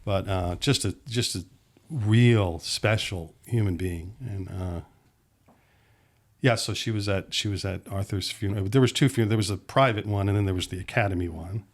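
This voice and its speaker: A middle-aged filmmaker from Pennsylvania spins a long anecdote on a podcast, circling back and restarting his sentences. His voice sits on the low side. He slips into quoted dialogue as he goes. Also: normal speed. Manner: rambling, restarts mid-sentence, acts out quotes. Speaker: filmmaker guest. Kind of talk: anecdotal storytelling in a podcast chat.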